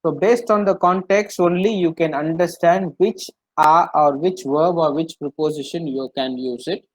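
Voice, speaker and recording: A man's voice: a little high, moderate pace, poor audio. A man teaching French in an online class, explaining patiently, repeating himself and using many fillers over a video call.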